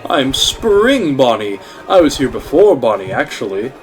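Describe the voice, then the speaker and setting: A showy man in a golden rabbit costume, as a male narrator puts him on, talking in a put-on deep, muffled voice with a slight accent. Music plays clearly behind him. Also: very animated, unhurried. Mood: playful, secretive.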